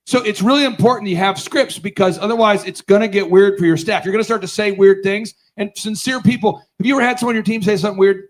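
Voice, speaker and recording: A middle-aged man telling a comic story as a business conference speaker, loud and animated when he acts out scenes, laughing as he goes. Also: sits high, fast, few pauses, rough recording. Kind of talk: comedic storytelling keynote. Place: conference stage before a live audience.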